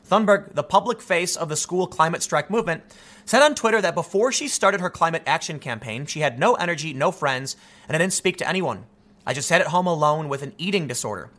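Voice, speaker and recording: Bright, fast-arguing male commentator. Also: fairly high pitch. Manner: animated, argumentative, with frequent restarts. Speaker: political commentator. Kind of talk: opinionated monologue commentary.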